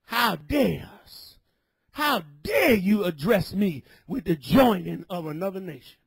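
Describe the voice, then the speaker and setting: A man preaching a fiery sermon, shouting and scolding his listeners. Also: high voice, expressive, unhurried, gravelly, husky, dry recording.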